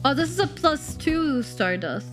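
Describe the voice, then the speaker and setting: A bubbly woman game streamer with a slightly high voice, talking excitedly to her chat while a bit ill and coughing now and then. Soft game music plays faintly underneath her. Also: unhurried. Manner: bubbly, excitable, chatty with viewers. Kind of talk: casual live-stream chat while playing.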